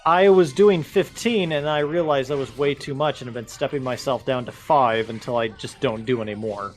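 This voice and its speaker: A man's voice: medium pitch, normal speed. A man co-hosting a gaming video, chatting drily and explaining things at length. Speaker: co-host. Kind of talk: casual gaming chat.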